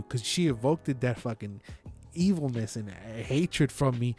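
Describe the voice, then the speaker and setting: A man's voice: mid-range voice, a little slow, slightly rough, faint music behind. A man co-hosting a podcast in casual chat, swearing freely and talking with emphatic energy. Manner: profane, animated and emphatic. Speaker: podcast co-host.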